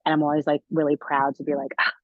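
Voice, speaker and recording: A young adult woman chatting as a guest, telling a story with lively acted-out quotes. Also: deep voice, fast, no echo, phone-quality sound. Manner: animated storyteller, acts out quoted voices. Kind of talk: casual chat.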